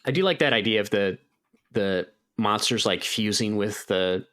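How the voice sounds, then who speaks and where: A man's voice: on the low side, moderate pace, a bit bright. Rambling man on a gaming podcast. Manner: rambling, lots of "like", acts out his own reactions in a raised voice. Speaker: podcast co-host. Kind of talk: casual gaming chat.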